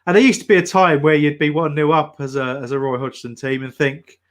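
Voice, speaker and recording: A man's voice: fairly high pitch, fairly even intonation, a little fast. A man co-hosting a football watch-along, wry and teasing. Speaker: co-host. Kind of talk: casual watch-along chat.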